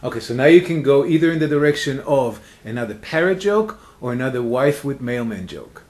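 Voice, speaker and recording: Lively, upbeat man. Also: mid-range voice, a little fast. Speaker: joke prompter. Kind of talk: casual chat.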